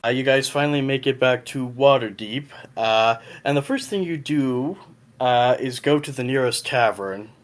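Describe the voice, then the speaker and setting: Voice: medium pitch, normal speed. Laughing game master narrating. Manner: laughing, loose narration with fillers. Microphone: online voice call.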